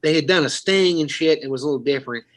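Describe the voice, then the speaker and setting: A man's voice: fairly high pitch, quick pace, fairly bright tone, poor audio. A man from Florida, a podcast host telling rambling, profane stories in casual chat. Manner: rambling, profane, laughing storyteller.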